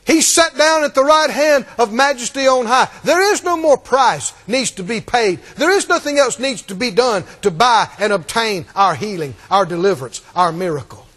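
A man preaching a sermon, animated and rising to emphatic, shouted points. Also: very high voice, normal speed, few pauses.

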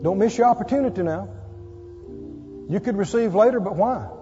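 A man's voice: sits high, expressive, moderate pace, warm tone, soft background music. A man preaching a sermon and leading an altar call, emphatic and pleading in a repetitive preaching cadence. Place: church sanctuary. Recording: dull echoey church recording.

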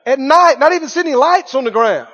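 A man preaching a sermon in a folksy way, dropping to hushed lines and rising to loud exclamations. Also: extremely high pitch, animated, fast talker. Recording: dull lo-fi sermon recording.

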